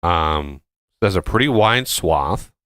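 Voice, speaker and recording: A man's voice: deep voice, animated, slow pace, a bit bright, no echo. A man giving casual gameplay commentary as a streamer, rambling with many fillers and restarts.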